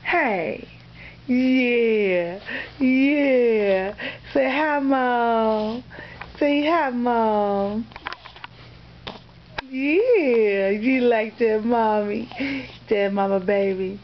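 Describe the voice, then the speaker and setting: A woman's voice: a little high, drawn-out words, a little hiss or hum. A woman filming a baby at home, cooing at the child in sing-song baby talk, on a dull lo-fi camcorder recording.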